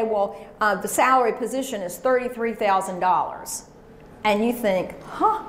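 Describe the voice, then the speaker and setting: A woman giving a live career workshop, coaching emphatically and drilling phrases with her audience. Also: fairly high pitch. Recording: roomy echo, faint background noise.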